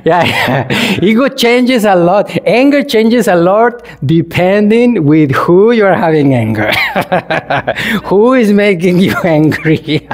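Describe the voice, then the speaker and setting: High-voiced monk giving a playful talk. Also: male voice, sing-song, takes it slowly. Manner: playful, chuckles often and asks the audience questions; non-native English phrasing. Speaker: Buddhist monk teaching. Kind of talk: dharma talk to a congregation.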